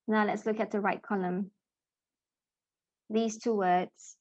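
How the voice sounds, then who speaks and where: A woman in her thirties leads a pronunciation drill at an unhurried, measured pace, voicing each example word with deliberate clarity. Her mid-range voice comes through a slightly dull, muffled recording. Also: medium pitch, steady tone, a little mellow. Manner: deliberate, clearly enunciated model sounds. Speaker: English pronunciation teacher. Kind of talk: slow, careful pronunciation lesson with drills.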